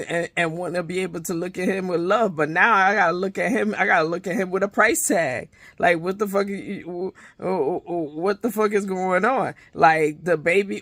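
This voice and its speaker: A woman's voice: mid-range voice, fairly bright tone, dry recording, clean studio sound. A woman giving a casual, profane recap of a reality show episode, retelling scenes animatedly with many restarts. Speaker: reality TV reviewer.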